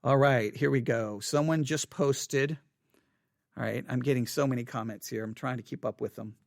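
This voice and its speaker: A man hosting a channel, reading viewer comments aloud and answering them in an animated, exasperated way, with frequent stammered restarts. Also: medium pitch, normal speed, creaky, no echo, clean studio sound.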